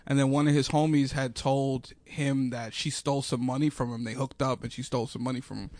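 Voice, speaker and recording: A comedian in a crude casual chat, retelling stories excitably in slang and acting out the dialogue. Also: male voice, medium pitch, fairly quick. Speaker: stand-up comic.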